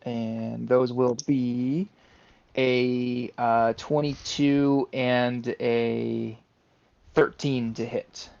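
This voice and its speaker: A man playing a tabletop game, calmly declaring his rolls and damage with frequent "uh"s. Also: medium pitch, creaky. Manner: unhurried, with many "uh"s while declaring rolls. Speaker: player. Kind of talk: casual tabletop game play. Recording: dull lo-fi mic.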